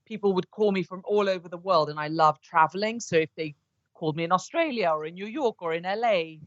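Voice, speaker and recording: A woman's voice: on the low side, fairly quick, no room sound, highs cut off. A woman from Greece, an osteopath guest on a podcast interview, explaining her work in a chatty, step-by-step way. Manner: conversational, explains step by step with lively asides.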